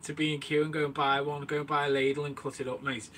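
A man's voice: on the high side, fairly bright tone, a little hiss or hum. A man streaming live from his bait shack, chatting casually, calling viewers mate and answering the live chat as he works. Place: small bait and tackle shack, indoors.

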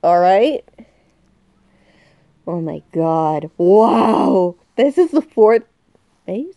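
A woman's voice: mid-range voice, expressive, slow pace, pauses often, dry recording, lo-fi sound. Jumpy young woman gaming. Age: 20s. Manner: jumpy, swings from mutters to shrieks. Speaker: gaming youtuber. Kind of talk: excited let's-play commentary.

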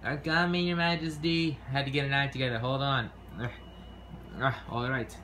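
A man voicing a brash, loud frog who plays the royal fool, in a homemade toy skit. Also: mid-range voice, little pitch movement, moderate pace, slight background noise, natural voice.

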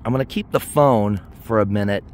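Still winded from climbing, a man with a lowish voice narrates a casual vlog from a sunny hilltop, speaking a little fast and poking fun at himself. He uses a handheld camera and phone, with slight background noise.

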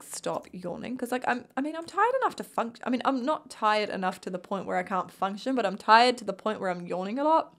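Chatty high-voiced Kiwi woman gaming. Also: a bit bright. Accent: New Zealand. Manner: chatty, rambling, talks to her sims. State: tired, yawning. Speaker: gaming youtuber. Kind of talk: casual gameplay commentary.

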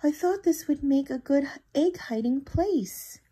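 A woman's voice: high-pitched, lively intonation, unhurried, dark tone, voice pushed up. A woman voicing a small, plaintive female Easter bunny.

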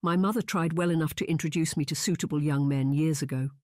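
A narrator voicing Diana, a lovelorn young noblewoman, in a hushed, resigned audiobook reading with a dry, close sound. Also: mid-range voice, fast, no echo, lightly acted. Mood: wistful.

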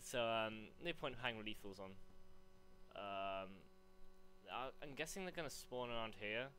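A young man commentating live on his gameplay, rambling between chat and excited yelps. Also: mid-range voice, normal speed, slight background noise. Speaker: gaming commentator.

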